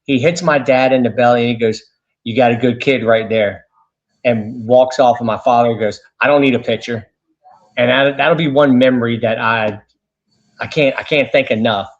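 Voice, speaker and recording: A man's voice: mid-range voice, moderate pace, lo-fi sound. A man, a radio host telling stories as an interview guest, chatty and full of fillers and restarts. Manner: animated anecdotes with many fillers and restarts. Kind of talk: casual storytelling interview.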